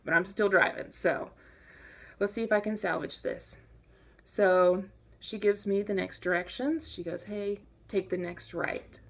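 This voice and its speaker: A woman casually telling a personal anecdote in a lively, wry way, acting out the lines of the people in it. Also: medium pitch, unhurried, vocal fry. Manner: lively, wry, acts out quotes. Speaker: storyteller.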